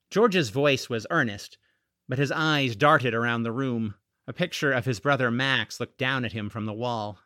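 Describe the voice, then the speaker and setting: A man reading a children's novel aloud in an expressive audiobook narration. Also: medium pitch, moderate pace, no room sound, studio quality. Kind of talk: scripted narration.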